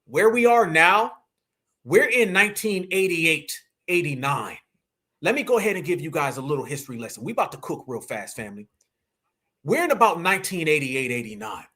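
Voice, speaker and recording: High bright-voiced guy ranting on a livestream, keeps saying fam, preachy. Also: big pitch swings, brisk. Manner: preachy, repetitive, calls audience fam. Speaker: livestream host. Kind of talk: fiery political livestream rant.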